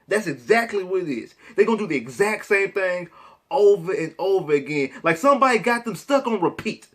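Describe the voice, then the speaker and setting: A man's voice: high voice, animated, a little fast, a bit bright. A young man, ranting emphatically about football on his vlog and repeating his points. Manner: emphatic, repetitive, Southern-tinged slang. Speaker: sports vlogger. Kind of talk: opinionated sports rant.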